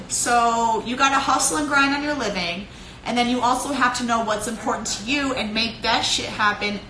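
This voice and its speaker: A young woman from Cleveland giving a profane, animated pep talk to followers on a live phone stream, laughing often. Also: a little high, echoey room, low-quality recording. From Cleveland, Ohio.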